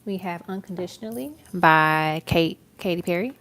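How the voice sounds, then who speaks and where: A woman giving a live-stream tarot reading, talking in a soft, musing way with many fillers. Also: on the low side, normal speed. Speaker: tarot reader.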